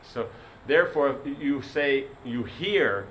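A man's voice: medium pitch, expressive, takes it slowly, a bit bright, slight background noise, low-quality recording. Brief: man teaching a sermon, loose and rambling, mid-range voice. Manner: rambling, many fillers like "you know". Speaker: spiritual teacher. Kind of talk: sermon with a told story.

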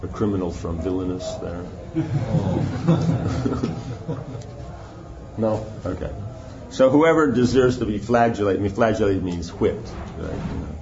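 A man's voice: low-pitched, animated, moderate pace, background noise. Male teacher for a casual scripture class; conversational, keeps asking "right?", slightly dull recording. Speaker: spiritual teacher.

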